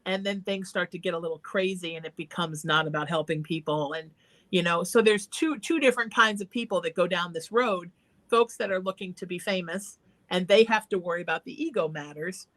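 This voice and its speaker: A woman's voice: on the low side, a little fast, fairly bright tone. Earnest woman host giving advice. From Irish heritage. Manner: earnest, encouraging, conversational. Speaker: psychic talk show host. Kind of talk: advice on a call-in show.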